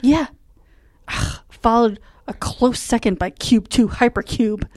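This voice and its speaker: A woman's voice: fairly high pitch, slow pace, darkish tone, dry recording, studio quality. A woman co-hosting a casual movie chat, blunt and teasing, rambling a little. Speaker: podcast co-host.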